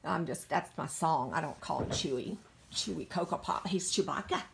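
Low and gravelly, her voice moves at a moderate pace against a noisy background. A middle-aged Virginia dog breeder, she fawns over a puppy in baby talk for a casual home video shot on her phone.

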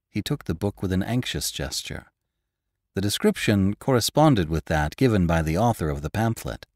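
Guy reading a classic story aloud, lowish voice that swings up and down a lot, dry close mic. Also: moderate pace, no room sound. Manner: expressive, voices characters with raised pitch. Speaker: podcast host and audiobook narrator. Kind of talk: scripted audiobook narration.

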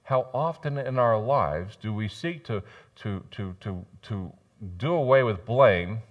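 A man preaching a sermon in a church, joking and swinging between loud bursts and quiet asides. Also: lowish voice, a little slow, lo-fi sound. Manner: animated, jokey preaching with sudden loud rises and soft drops. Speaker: pastor. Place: church sanctuary.

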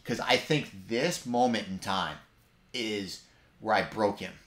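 A man commenting live on footage of his own match, in quick, animated fragments. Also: lowish voice. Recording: roomy echo.

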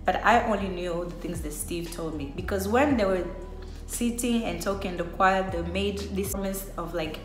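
A woman's voice: lowish voice, moderate pace, soft background music. A young woman telling a personal story on her vlog, chatty and full of filler words. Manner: chatty, heavy use of filler "like". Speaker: vlogger. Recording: echoey room.

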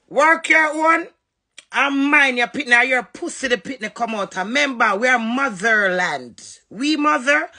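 A woman's voice: high-pitched, bright, forceful tone, breathy edge. A woman with a Jamaican accent, cussing and scolding in a confrontational livestream rant. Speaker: social media livestreamer.

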